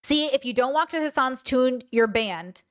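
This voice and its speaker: A woman streamer giving casual reaction commentary, blunt and animated, swearing freely as she rants. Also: sits high, moderate pace.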